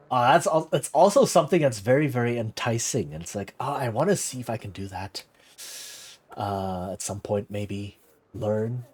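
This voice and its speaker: A man's voice: on the low side, breathy edge. A rambling streamer man chatting casually. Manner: rambling, self-interrupting, laughs easily. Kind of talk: casual chat with live chat.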